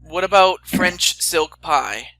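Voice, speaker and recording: A man's voice: high voice, expressive, slow, gravelly, bright, forceful tone. A young man hosting a casual chat, rambling with stammering restarts and fillers. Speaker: host.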